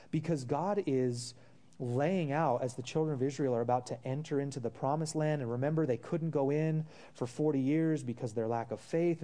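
A man with a warm, medium-pitched voice preaches a sermon, reading scripture aloud and pressing the congregation with rhetorical questions. He throws in casual asides and calls his listeners brothers and sisters.

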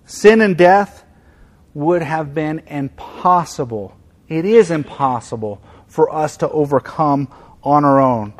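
A man preaching a sermon as pastor. He speaks with emphasis, repeats key phrases, and swings from loud stress to quiet, soft passages. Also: on the high side, slow.

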